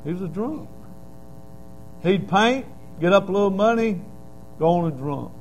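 A man's voice: high-pitched, expressive, measured pace, slight background noise, low-quality recording. A middle-aged man preaching a sermon, telling stories in a folksy way and building to emphatic cries.

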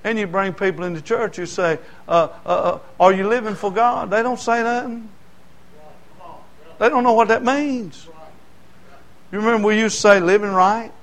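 A male pastor, preaching a sermon that swings from quiet talk to shouting, repeating his phrases. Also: high-pitched, steady tone, moderate pace, pauses often, poor audio.

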